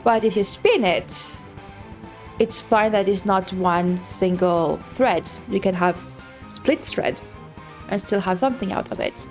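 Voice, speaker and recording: A woman live-streams a game, chatting casually and thinking out loud in a mid-range, darkish voice at normal speed. She rambles with lots of fillers and restarts, and faint music plays behind her.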